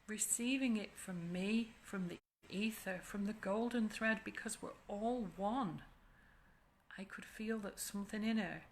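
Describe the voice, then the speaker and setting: Woman therapist, soft reflective delivery, a touch of vocal fry, faint noise behind. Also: mid-range voice. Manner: soft, reflective, slow and gentle. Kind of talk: spiritual morning talk.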